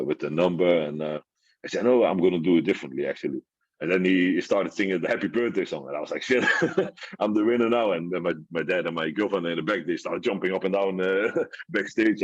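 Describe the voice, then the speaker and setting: A young Dutch man with a very deep voice tells an excited story at a rapid clip, laughing often and filling gaps with "uh." His Dutch accent colors his English. The sound is dry and a little dull, as though it came over a remote podcast call. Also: no room sound. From Netherlands. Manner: lively, excited, laughs often, many fillers. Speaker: guest bodybuilder. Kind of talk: casual storytelling.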